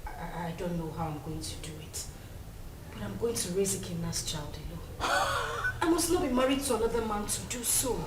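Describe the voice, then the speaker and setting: A woman's voice: medium pitch, lively intonation, normal speed, very noisy, natural voice. An actress playing a pregnant young woman who is doubtful and hesitant, breaking into tearful pleas. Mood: tearful resolve. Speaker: actress in a Nigerian film. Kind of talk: film drama acting. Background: loud film score music.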